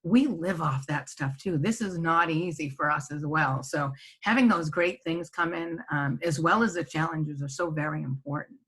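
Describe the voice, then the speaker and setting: A middle-aged woman with a husky, slightly low voice talks through a webinar from her home over a video call. Her delivery is conversational and she keeps asking "right?" to check that listeners follow. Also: moderate pace, few pauses, fairly bright tone. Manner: conversational, tags points with "right?". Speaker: senior living presenter. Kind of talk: webinar presentation. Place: home office.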